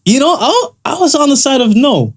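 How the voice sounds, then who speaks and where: A man co-hosting a casual podcast, halting and repeating words as he thinks aloud. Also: very high voice, very animated. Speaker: podcast co-host.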